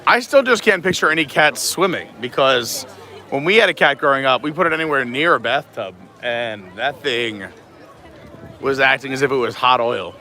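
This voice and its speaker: A man's voice: medium pitch, expressive, normal speed, pushed and bright. A man hosting a live stream outdoors at a theme park, chatty and joking with people he meets. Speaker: vlog host.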